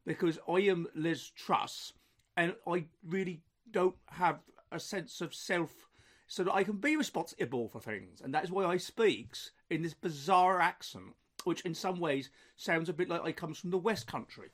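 A man putting on a mocking impression of a female former prime minister, speaking slowly and deliberately, with a high voice. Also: lightly acted.

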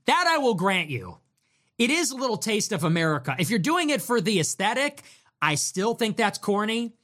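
A man's voice: high voice, fairly bright tone. A young man ranting profanely and sarcastically as a livestream host.

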